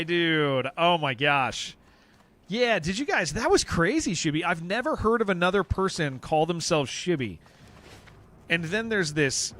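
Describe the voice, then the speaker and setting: A man's voice: a little high, a bit bright. A man live-streaming a game, chatting casually to viewers in a rambling way, often repeating himself and answering chat. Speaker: livestreamer playing an online game.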